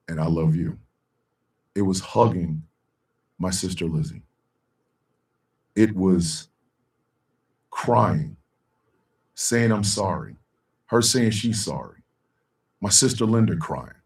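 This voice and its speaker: A middle-aged man hosting a live talk stream, speaking in a heartfelt, slow way with long dramatic pauses. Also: low-pitched, lively intonation, recorded from a distance. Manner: bursts into a loud shouted sign-off. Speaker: show host.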